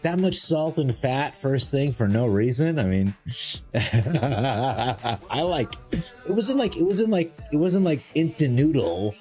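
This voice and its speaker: A man chatting casually on a live stream while playing a card game, rambling and self-mocking, greeting viewers in a high sing-song voice. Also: lively intonation, slow pace, a little mellow. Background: faint music.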